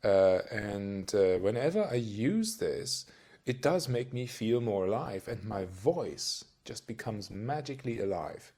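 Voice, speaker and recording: A man's voice: on the low side, animated, unhurried, mellow. A man talks to camera as a voice-over coach, chatty and a little rambling. He keeps turning to the listener with little questions. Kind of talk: casual talk-to-camera tutorial.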